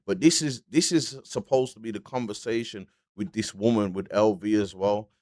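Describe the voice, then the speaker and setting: A man talks through his commentary in loose street slang, circling back and checking in with "you get me" every few lines. His voice sits fairly low, and the recording is close and dry with no room sound. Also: moderate pace, darkish tone, no room sound. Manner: slangy, keeps asking "you get me", frequent restarts. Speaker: online commentator. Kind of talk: casual commentary vlog.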